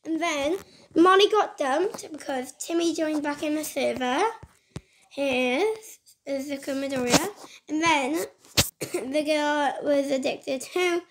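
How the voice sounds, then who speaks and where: A woman's voice: sits high, slow, noisy background. A woman casually retelling a game story in a rambling, scattered way, recorded on a phone mic. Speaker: gaming vlogger.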